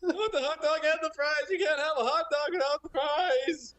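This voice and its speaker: A man putting on a loud, exaggerated, sing-song impression of a stand-up comedian. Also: very high-pitched, a little fast, pitched above the performer's own voice. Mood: hammy.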